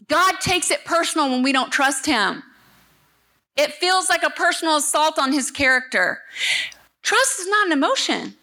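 A woman's voice: high voice, lively intonation, unhurried, bright, forceful tone. A middle-aged woman preaching a sermon as a guest speaker at a church service, speaking emphatically and addressing the congregation directly.

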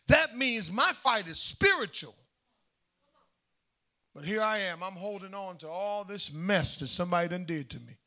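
High, bright-voiced man preaching emphatically. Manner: emphatic call-and-response preaching, swinging from shouts to hushed asides. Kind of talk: sermon.

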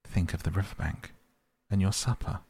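A man's voice: low-pitched, steady tone, normal speed, darkish tone, breathy edge, no echo, heavily acted. A man voicing a tearful, timid, homesick male mole who pleads in a sobbing rush. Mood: anxious pleading.

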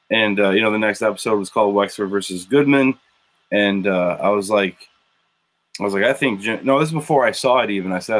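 A man's voice: on the low side, fairly bright tone. A man from Illinois, co-hosting a casual podcast chat about a TV show and rambling as he tells stories. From Wilmington, Illinois, USA. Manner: rambling, repeats himself while telling stories. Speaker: podcast co-host.

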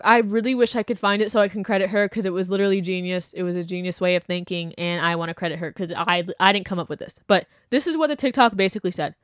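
A woman's voice: medium pitch, fast, no echo, studio quality. A young woman hosting a podcast, talking bluntly and animatedly in casual opinion chat, mocking the people she quotes. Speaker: podcast host.

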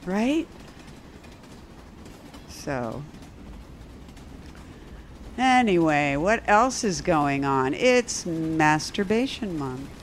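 Slow, frank middle-aged woman. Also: deep voice, animated, a little hiss or hum. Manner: slow, deliberate and frank, laughing often. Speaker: podcast host and therapist. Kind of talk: casual chat.

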